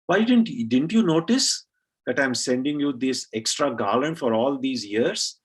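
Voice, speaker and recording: A man's voice: medium pitch, animated, measured pace, slightly rough, pitched above the performer's own voice. A man voicing a devout little girl who speaks with passion and insistence as he tells a story to a temple gathering. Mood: pleading.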